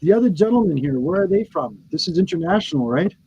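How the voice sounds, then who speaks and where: A man's voice: a little high, lively intonation, fast, warm tone, dull audio, slight background noise. A man chatting enthusiastically in a casual group video chat, showing off items from his comic collection. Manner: enthusiastic, friendly. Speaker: guest collector.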